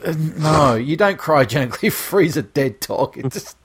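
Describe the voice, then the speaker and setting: A man's voice: fairly high pitch, expressive, normal speed, a bit bright, slightly rough. A man co-hosting a podcast in casual chat, ranting with sarcasm and plenty of swearing. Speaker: podcast co-host.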